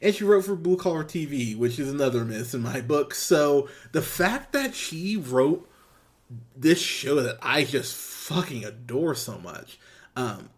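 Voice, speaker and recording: A man's voice: a little high, very animated, a little slow. A young man hosting a podcast, giving an enthusiastic, profane review in casual chat with many restarts. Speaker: podcast host.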